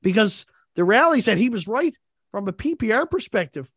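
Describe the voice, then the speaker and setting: A man's voice: high voice, sing-song, normal speed, fairly bright tone, slightly rough, no echo, studio quality. A man hosting a podcast, talking in a casual, profane way and acting out other people's chat messages. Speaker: podcast host. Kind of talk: casual fantasy sports chat.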